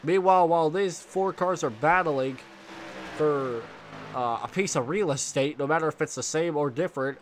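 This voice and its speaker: A man's voice: a little high, normal speed. Stuffy-nosed young man calling a sim race. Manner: rambling with fillers and restarts, excited bursts at contact. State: stuffy, congested. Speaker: race commentator. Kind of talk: sim racing play-by-play commentary. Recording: faint engine noise behind.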